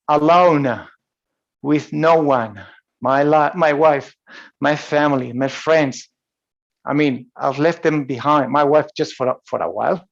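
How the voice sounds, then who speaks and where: A man's voice: a little high, gravelly, highs cut off. A man from Spain with a Spanish accent, telling a personal story as a motivational coach. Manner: storytelling, with frequent restarts and laughs. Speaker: high performance coach. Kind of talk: motivational talk.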